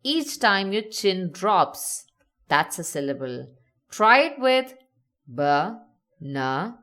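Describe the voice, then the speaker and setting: Slow, lively-voiced woman teaching. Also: medium pitch. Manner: slow, clearly enunciated, sounding out example words. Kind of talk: scripted lesson narration.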